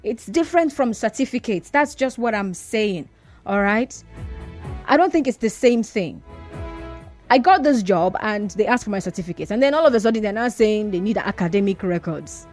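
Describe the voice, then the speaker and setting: A Nigerian woman hosting a radio phone-in, brisk and firm, arguing back at callers. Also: mid-range voice, animated, darkish tone, soft background music. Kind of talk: call-in radio talk.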